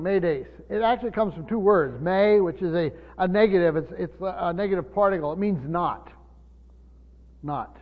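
Man, pastor, Bible study sermon, halting and repetitive, high voice, long hall reverb. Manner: halting, repeats words, asks the room questions. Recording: tinny phone-like sound in a reverberant hall.

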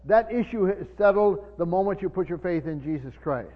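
A man preaching a sermon, teaching from the Bible in a halting way with many fillers and restarts, slowing down to stress key words. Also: high-pitched, lively intonation. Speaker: pastor. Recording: muffled sermon recording in a reverberant hall.

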